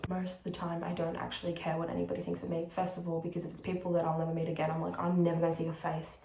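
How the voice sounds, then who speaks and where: A woman's voice: lowish voice, completely flat delivery, creaky, warm tone. Frank, rambling young Australian woman. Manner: rambling, frank and sweary, shifts into quick put-on voices. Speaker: vlogger. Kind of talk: casual chat to camera. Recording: echoey room with faint background noise.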